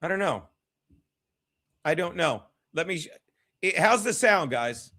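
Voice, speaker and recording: A man's voice: fairly high pitch, lively intonation, a little slow, bright, forceful tone. Profane, rambling New man on a livestream. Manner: profane, rambling, chats with viewers. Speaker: comedian hosting a livestream. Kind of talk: casual solo livestream chat.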